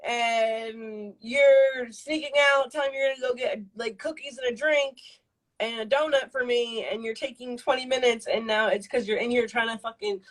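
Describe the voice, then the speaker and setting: A woman's voice: a little high, fairly even intonation, moderate pace, rough recording. A woman in her twenties on a live stream, telling a personal story in a casual, rambling way, full of fillers and swearing. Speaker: livestream guest.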